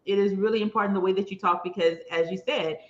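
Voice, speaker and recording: A woman from Louisiana hosts a live stream in a Southern accent, enthusiastic and folksy, full of quick affirmations. Her audio is dull and lo-fi. It echoes around the room. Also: medium pitch, steady tone.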